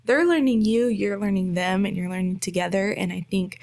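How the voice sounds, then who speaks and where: A young woman on a podcast, reflective and quick in bursts, talking about raising small children. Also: mid-range voice, creaky, a little mellow. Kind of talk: casual podcast chat.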